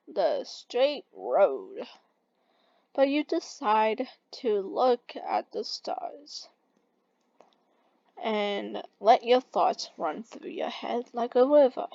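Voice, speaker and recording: A woman reading a second-person fan story aloud in a halting way, stumbling and restarting words. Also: on the high side, a little mellow, no echo, lo-fi sound. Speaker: story reader.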